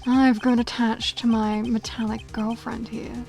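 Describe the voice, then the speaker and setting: A woman voicing a smooth, teasing male prosecutor from a video game, reading his lines aloud in a lowered, unhurried voice. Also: level tone, darkish tone, faint music behind. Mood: suave.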